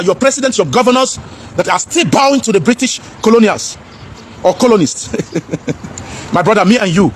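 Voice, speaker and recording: A man's voice: sits high, a little hiss or hum. A man in an impassioned, preachy monologue, asking rhetorical questions and slipping into pidgin.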